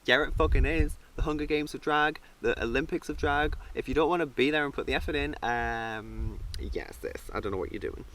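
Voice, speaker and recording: A man's voice: fairly high pitch, fairly quick, few pauses, a bit bright, a little hiss or hum. A young man talking casually and animatedly in a review vlog, full of fillers. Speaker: reality show reviewer.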